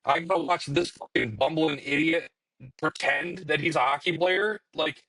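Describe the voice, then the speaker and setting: A man's voice: fairly high pitch, moderate pace, bright, forceful tone, husky, dry recording, poor audio. Ranting, profane young man on a podcast. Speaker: podcast co-host. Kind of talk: casual chat.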